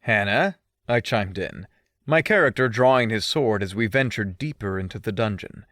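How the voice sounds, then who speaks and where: A man's voice: on the low side, expressive, moderate pace, a bit bright, no echo, studio quality. Man narrating a teasing audiobook. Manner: teasing, mischievous. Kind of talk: first-person scripted narration.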